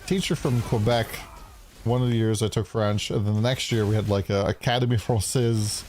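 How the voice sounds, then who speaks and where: A man with a fairly low voice runs a casual gameplay livestream. He talks loosely with his chat, breaking into easy swearing as he explains what he is doing, with a faint hum of noise in the background. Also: normal speed, a little mellow. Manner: loose and chatty, swears freely, answers chat. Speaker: game streamer.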